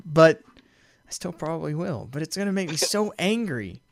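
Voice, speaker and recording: A man co-hosting a podcast in casual chat, rambling and excited, laughing often. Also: on the high side, normal speed, creaky, dry recording. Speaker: podcast co-host.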